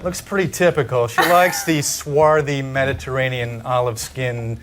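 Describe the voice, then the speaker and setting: Dating show boyfriend, dry sarcastic jokes, regular pitch, lots of noise. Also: male voice, fairly even intonation, normal speed. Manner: sardonic wisecracks, dry asides. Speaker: contestant. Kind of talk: talk show guest chat. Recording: heavy background noise.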